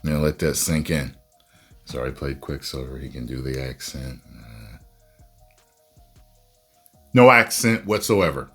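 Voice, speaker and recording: A man reviewing a movie in a casual video rant, animated and breaking into loud exasperated outbursts. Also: rumbling low, slow pace, vocal fry, long pauses, breathy edge, soft background music.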